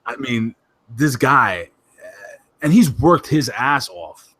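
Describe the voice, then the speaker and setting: A man hosting a wrestling podcast in casual chat, excitable and emphatic, joking as he talks. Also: medium pitch, slow, breathy edge, no echo. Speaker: podcast host.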